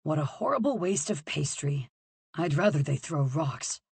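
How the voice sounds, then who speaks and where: A woman voicing a cold, sardonic young male villain who talks flatly and without feeling. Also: fairly high pitch, normal speed, creaky, husky, no room sound, heavily acted. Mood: deadpan. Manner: flat, deadpan, numb.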